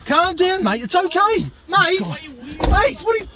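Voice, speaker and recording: Man, high animated voice, drawn-out pleading delivery, noisy take. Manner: pleading, repeats calming words. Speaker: sketch performer. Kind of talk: amateur comedy sketch. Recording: loud noise behind.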